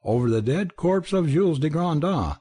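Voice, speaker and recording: A man's voice: on the high side, lively intonation, moderate pace, mellow, breathy edge, voice pushed up. A man voicing a proud, grandiose middle-aged French occult detective. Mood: defiant. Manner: grandiose, indignant.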